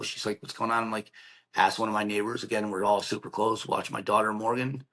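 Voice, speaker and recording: This middle-aged podcast guest talks briskly in a lowish, slightly bright voice with little pitch movement. He shares an emotional personal story in a plainspoken, earnest style, acting out what others said.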